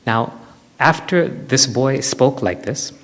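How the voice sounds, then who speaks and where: A man's voice: medium pitch, slow pace, a bit bright. A man giving a spiritual lecture to an audience, explaining step by step with everyday examples. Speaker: spiritual speaker. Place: hall with an audience. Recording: reverberant lecture hall.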